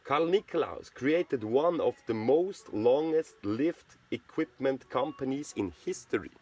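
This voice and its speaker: A man's voice: mid-range voice, expressive, slow, darkish tone. A man from Switzerland who speaks with a Swiss German accent, talking in a rambling casual monologue and often checking in with "right?". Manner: rambling, repeats words, asks "right?". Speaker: channel host.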